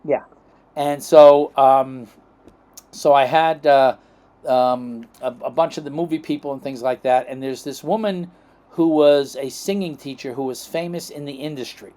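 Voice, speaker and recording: A man's voice: mid-range voice, fairly even intonation, unhurried, warm tone. A middle-aged man from the United States telling long, rambling stories as a podcast guest, acting out quoted dialogue and checking in with "okay?" and "right?". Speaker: chiropractic guest. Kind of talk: rambling anecdotal storytelling.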